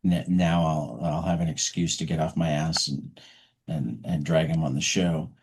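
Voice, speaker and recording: A man's voice: a bass voice, fairly even intonation, moderate pace, darkish tone, slightly rough. A man co-hosting a comics podcast, speaking in an easygoing, hesitant way with restarts. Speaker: podcast co-host. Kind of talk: casual podcast chat.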